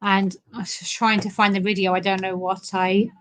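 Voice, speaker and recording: A woman's voice: mid-range voice, flat delivery, a little fast, a bit bright, dry recording, rough recording. A woman co-hosting a casual livestream chat, teasing and laughing often. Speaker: co-host of online festival livestream.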